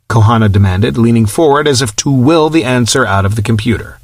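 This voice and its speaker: A man narrating an audiobook in a steady, even storytelling manner. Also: mid-range voice, fairly quick, few pauses, no echo, clean studio sound. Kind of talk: scripted narration.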